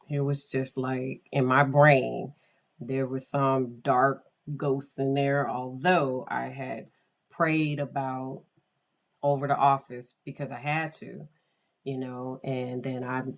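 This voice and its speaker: Low-voiced woman telling an eerie story. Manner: hesitant, with restarts and whispered asides. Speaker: podcast host. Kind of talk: casual storytelling podcast.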